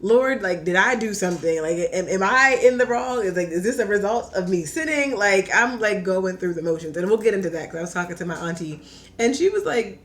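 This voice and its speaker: A young woman telling a personal story in casual chat, animated and full of "like", acting out her own quotes. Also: medium pitch, fairly quick. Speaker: podcast guest.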